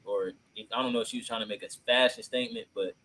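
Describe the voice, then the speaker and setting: A man's voice: mid-range voice, fairly even intonation, fast talker, a bit bright, low-quality recording. A man hosting a podcast in casual chat, laid-back and slangy with many filler ums, reacting to clips. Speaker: podcast host.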